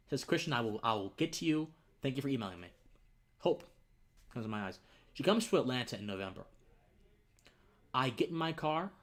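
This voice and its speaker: Earnest young man, halting and emotional. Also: medium pitch, a bit bright. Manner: earnest, halting, repeats words, drops to near-whispers. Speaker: political podcaster and streamer. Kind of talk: emotional live-stream monologue.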